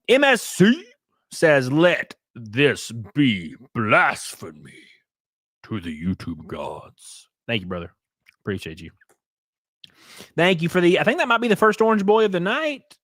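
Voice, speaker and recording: A blunt, profane man hosts a casual livestream, rambling and reading out chat donations. His pitch moves around a lot, and the sound is dry and close with no room echo. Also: huge pitch swings, fairly quick, a bit bright. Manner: reads and answers chat donations. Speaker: livestream host.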